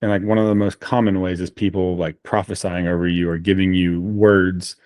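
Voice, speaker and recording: A man in a casual podcast conversation, a guest telling animated stories with frequent fillers. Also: low voice, moderate pace, dry recording, clean studio sound.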